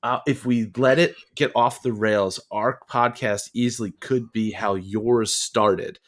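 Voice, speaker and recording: A man's voice: medium pitch, fairly even intonation, a little slow. A man co-hosting a podcast, talking casually in long rambling thoughts and swearing now and then. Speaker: podcast co-host.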